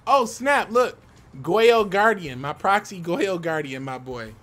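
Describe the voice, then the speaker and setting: Man, casual streamer, swears and laughs a lot, slightly high voice, faint music behind. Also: lively intonation, slow, a bit bright. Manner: loose, profane, laughs often. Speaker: card game streamer. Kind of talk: casual live-stream chat.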